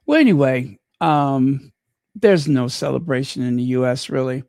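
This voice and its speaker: A man's voice: medium pitch, moderate pace, vocal fry, darkish tone, no echo, clean studio sound. A man hosting his channel, chatting casually with ironic asides and frequent ums. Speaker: channel host. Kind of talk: casual commentary reading from the web.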